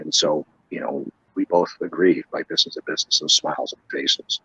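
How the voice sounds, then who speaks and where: Low husky man telling stories. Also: steady tone, a little fast, few pauses, pushed and bright, no room sound, highs cut off. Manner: rambling, swears casually, frequent restarts. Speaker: wrestler and wrestling trainer, guest. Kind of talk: casual interview storytelling.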